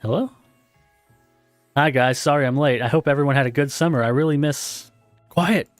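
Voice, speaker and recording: A man voicing an awkward, overlooked young male student, timid and plaintive, in a higher voice than his own. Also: normal speed, no room sound, faint music behind, natural voice.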